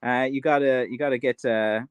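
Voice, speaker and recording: A man's voice: mid-range voice, fairly even intonation, moderate pace, smooth, no room sound. A middle-aged man with an Irish accent, chatting casually on a livestream, rambling with lots of filler and answering viewer comments. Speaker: livestream host, stick maker.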